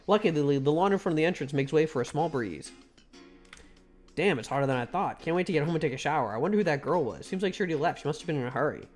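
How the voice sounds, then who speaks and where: A joking male streamer with a higher, expressive voice talks fast. He reads a game aloud in casual live-stream commentary, irreverent and playful, stopping now and then to thank chat. Faint music sits behind his voice.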